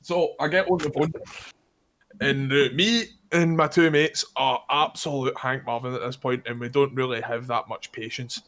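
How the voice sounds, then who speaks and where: A man with a Scottish accent co-hosting a podcast, telling slangy anecdotes in an easygoing, deadpan way. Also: medium pitch, normal speed. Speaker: podcast co-host. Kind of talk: casual chat, storytelling.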